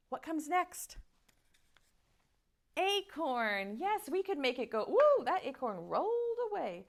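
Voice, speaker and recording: Woman, online preschool teacher, high and very lively, slow sing-song delivery. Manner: slow sing-song teacher talk, chanting along with children. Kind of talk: online preschool circle time.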